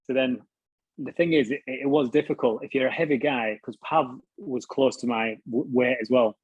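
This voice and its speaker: British male guest, husky, blunt, swears freely, self-mocking. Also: mid-range voice, moderate pace, dry recording, muffled recording. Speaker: interview guest. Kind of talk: casual storytelling.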